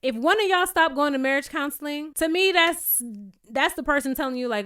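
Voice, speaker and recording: A young woman recapping a reality show in a chatty, sassy way, acting out the cast's quotes in higher voices. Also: brisk, a bit bright. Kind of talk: casual recap commentary.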